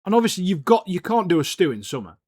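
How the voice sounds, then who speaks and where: A man's voice: high-pitched, very animated, quick pace, darkish tone, husky, no echo, clean studio sound. A man, co-hosting a podcast in casual, jokey banter and ending phrases with "mate". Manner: laid-back and jokey, ends phrases with "mate". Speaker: podcast co-host. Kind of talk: casual banter about anime and TV.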